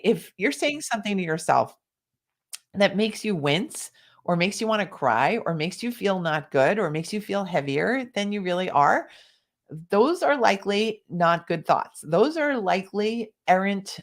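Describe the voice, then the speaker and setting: A woman's voice: medium pitch, big pitch swings, a little slow. A woman leading a live online workshop, speaking encouragingly to participants and stopping now and then to cough and sip tea. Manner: encouraging, reads chat comments aloud. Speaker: workshop coach.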